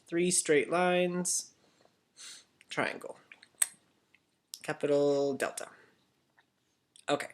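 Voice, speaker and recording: A man's voice: medium pitch, gravelly. A man teaching a casual lesson for children, chatty and correcting himself as he goes. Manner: chatty, self-correcting, asks kids to repeat.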